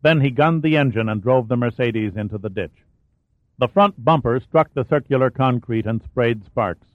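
A man reads a thriller aloud in a steady, dramatic narrating voice of middle pitch. The sound is dry and close, squeezed into a narrow, phone-like band. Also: moderate pace, no echo. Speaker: audiobook narrator.

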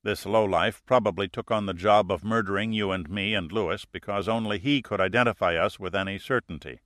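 A man voicing a calm, dry-witted male hero, speaking in a measured, softly firm way. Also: lowish voice, dry recording, natural voice.

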